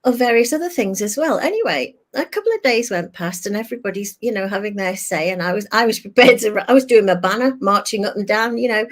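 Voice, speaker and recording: An older woman appearing as a talk show guest over a video call tells a candid personal story, acting out her past thoughts in animated quoted asides. Her voice is mid-range, and she talks fast with few pauses.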